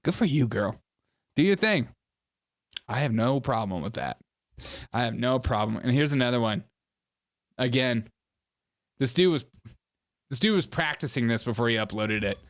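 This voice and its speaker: A man's voice: medium pitch, animated, normal speed, pauses often. A man hosting a casual reaction commentary, mocking the clips he watches and laughing often as he talks. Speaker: host.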